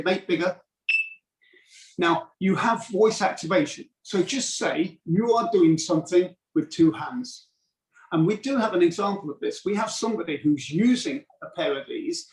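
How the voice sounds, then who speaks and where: A middle-aged man demonstrating a product on a video call, casual and rambling, with many fillers and restarts. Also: a little high. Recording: roomy, distant video call audio.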